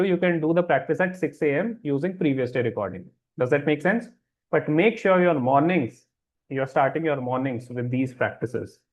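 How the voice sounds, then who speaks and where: A man's voice: medium pitch, muffled recording. A man hosting a wellness webinar, reassuring listeners and often checking that they follow. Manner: reassuring, repeats check-in questions. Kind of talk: live webinar talk answering chat questions.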